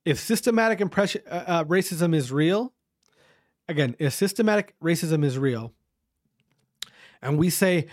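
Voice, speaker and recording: A man's voice: fairly high pitch, expressive, normal speed, long pauses, no echo, studio quality. A man hosting his own podcast, speaking in an emphatic, repetitive and profane rant. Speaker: podcast host.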